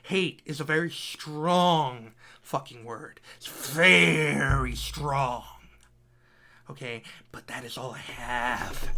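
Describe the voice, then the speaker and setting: A young man in his twenties giving an angry, profanity-filled game critique, repeating himself, swinging between loud outbursts and low, bitter muttering. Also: slow pace, gravelly. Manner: furious, profane, repetitive ranting.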